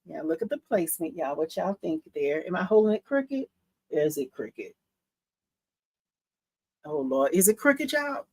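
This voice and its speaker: A woman's voice: on the low side, lively intonation, a little slow, pauses often, darkish tone, slightly rough, no room sound. A woman hosting a casual live stream, gushing over her work with squeals and laughs, reading viewer comments aloud and explaining steps. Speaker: livestream host showing embroidery.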